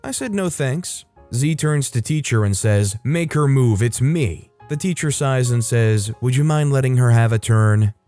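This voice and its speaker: Male narrator at a mid pitch, reads online stories expressively over faint background music. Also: expressive, a little slow, few pauses, warm tone. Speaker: narrator reading online posts. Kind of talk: scripted story narration.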